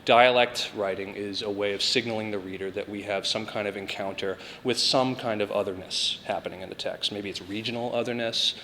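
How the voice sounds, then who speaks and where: A man explains literature in a loose, halting way, full of fillers and restarts. His voice is bright and forward, a little low for a man, and it sits in a room with long reverb and a faint hiss. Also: fairly even intonation. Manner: halting, many fillers and repeated words. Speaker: podcast co-host, literature teacher. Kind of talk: casual academic discussion.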